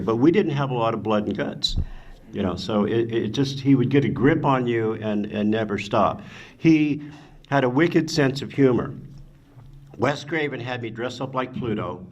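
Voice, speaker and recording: An older man telling stories on a convention panel, animated and acting out quotes, with casual swearing. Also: lowish voice. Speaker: actor guest on a convention panel. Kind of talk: anecdotal storytelling.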